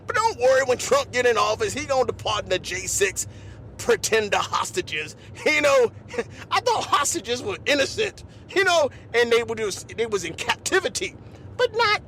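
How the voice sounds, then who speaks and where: A man's voice: very high-pitched, pushed and bright, slight background noise. A man hosting a comedy podcast, rambling through his bits, chuckling often and repeatedly asking if you follow him. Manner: repetitive, chuckling, keeps asking "you know what I'm saying".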